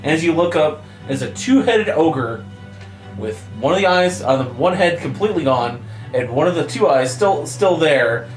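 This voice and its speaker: A man's voice: on the high side, expressive, normal speed, reverberant, over music. A man running a tabletop game as game master, narrating loosely with lots of fillers and laughter. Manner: loose, rambling, laughs often.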